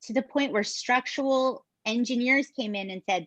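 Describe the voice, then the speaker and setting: Animated woman telling a true-crime story. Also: on the high side, moderate pace, dry recording. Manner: animated, emphatic, swears casually. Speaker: podcast co-host. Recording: dull, dry lo-fi podcast mic.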